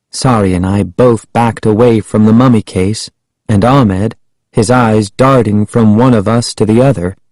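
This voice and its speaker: A man telling a spooky story in a slow, measured way, his voice at an everyday middle pitch. The recording is dry and close, with no room sound. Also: warm tone, dry recording, low-quality recording. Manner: measured, unhurried first-person telling. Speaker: audiobook narrator. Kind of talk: storybook narration.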